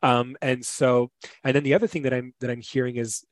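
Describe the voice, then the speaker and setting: A man's voice: medium pitch, little pitch movement, brisk, dry recording. A man who is a guest on a casual podcast, talking thoughtfully and loosely, with a lot of "like" fillers. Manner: casual, thoughtful, heavy use of "like".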